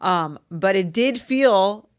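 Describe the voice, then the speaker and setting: A woman in her thirties co-hosts a casual podcast recap. She talks in a wry, joking, conversational way at an everyday middle pitch. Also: expressive, slow pace, clear, resonant tone. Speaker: podcast co-host.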